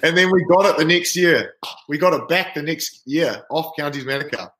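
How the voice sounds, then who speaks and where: A man, a rugby player guest telling an animated story in casual chat. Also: on the high side, normal speed. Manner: lively, animated anecdote-telling. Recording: roomy echo.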